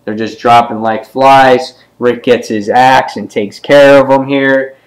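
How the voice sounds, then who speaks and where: A man casually reviewing a comic book issue, with many ums and quick character voices as he retells the scenes. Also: medium pitch, fairly even intonation, rough recording.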